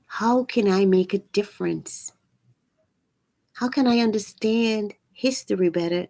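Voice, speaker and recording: Woman host, raspy, earnest and preachy; unhurried delivery, dry sound. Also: medium pitch, darkish tone, dry recording. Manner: earnest, preachy, repeats phrases for emphasis. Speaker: channel host. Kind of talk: live-streamed spiritual talk.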